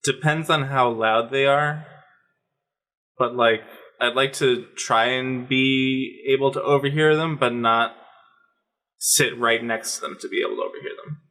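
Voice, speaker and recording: A man playing a tabletop game, speaking hesitantly and deliberately. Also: medium pitch, steady tone, sharp tone, rough recording. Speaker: player.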